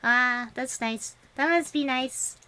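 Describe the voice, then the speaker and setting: A woman's voice: sits high, slow, sharp tone, clean tone. A young woman streaming to viewers and chatting casually, laughing often and rambling with many restarts. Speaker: vtuber streamer.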